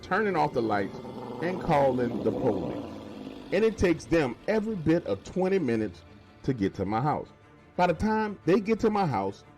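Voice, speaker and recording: A man narrating a first-person scary story in a colloquial, emphatic, animated way. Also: mid-range voice.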